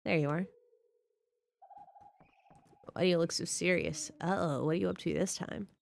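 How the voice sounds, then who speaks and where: A woman's voice: fairly low pitch, fairly even intonation, normal speed, creaky, a little mellow. A woman reading a grumbling young male thief sidekick from a video game, scolding and exasperated.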